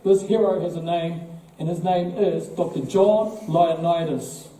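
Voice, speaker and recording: A man's voice: a little high, fairly even intonation, a little slow, dark tone. A man with a New Zealand accent giving an emphatic speech to a live audience, firing off rhetorical questions and repeating words as he goes. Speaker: political party speaker. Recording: echoey hall, voice from far off.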